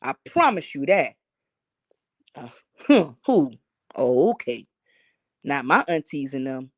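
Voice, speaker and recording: A woman live-streaming in casual chat, telling profane, animated stories and talking to her viewers. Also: extremely low pitch, takes it slowly, no echo, studio quality. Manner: talks to chat and reads comments aloud.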